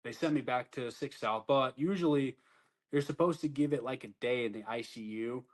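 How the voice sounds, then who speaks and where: A man's voice: mid-range voice, moderate pace. A man who served as an army soldier, telling his story in a blunt, profane, conversational way and acting out what others said to him.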